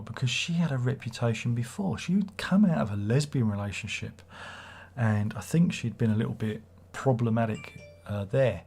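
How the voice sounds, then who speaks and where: A man's voice: mid-range voice, moderate pace, vocal fry, a little mellow, slightly rough. A man hosting a casual livestream, rambling and swearing as he reads viewer comments aloud. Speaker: livestream host.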